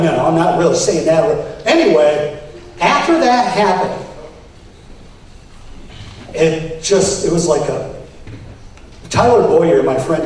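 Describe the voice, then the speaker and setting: A man's voice: a little high, a little mellow. A man running for party office, telling a story to convention delegates in an emphatic, storytelling way. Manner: storytelling, emphatic, quotes others with raised voice. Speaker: political candidate. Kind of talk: campaign speech to delegates. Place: convention hall. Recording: very echoey hall, mic at a distance.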